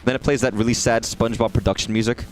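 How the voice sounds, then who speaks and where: A man's voice: mid-range voice, fast, faint music behind. A man chatting casually while streaming a game, rambling and swearing freely. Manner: rambling, profane, animated. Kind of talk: casual gameplay livestream chat.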